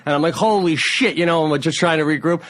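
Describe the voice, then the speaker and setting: A man's voice: on the high side, fast talker, fairly bright tone. A man who is a guest comedian, telling stories in laid-back casual chat.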